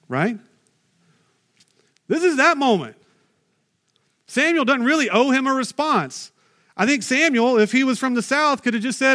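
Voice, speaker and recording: A man's voice: very high voice, animated, measured pace, pauses often, pushed and bright. A man preaching a sermon, reading scripture and breaking off into chatty asides and rhetorical questions.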